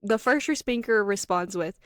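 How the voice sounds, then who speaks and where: A woman's voice: mid-range voice, expressive, moderate pace, a bit bright, dry recording. Casting note: giggly female podcast co-host, dry close mic. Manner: giggly, reads passages aloud. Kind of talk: casual book chat.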